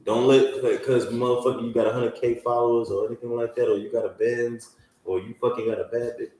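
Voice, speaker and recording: A man's voice: medium pitch, flat delivery, brisk, mellow. A man co-hosting a podcast, talking in a blunt, profane, combative way in casual chat. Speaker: podcast co-host. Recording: echoey room, mic far off.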